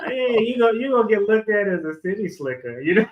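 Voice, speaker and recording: A man's voice: high-pitched, very animated, brisk, phone-quality sound. Easygoing man with an echoey call sound. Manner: laid-back, chuckling storyteller. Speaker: guest lawyer. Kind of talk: casual video call chat.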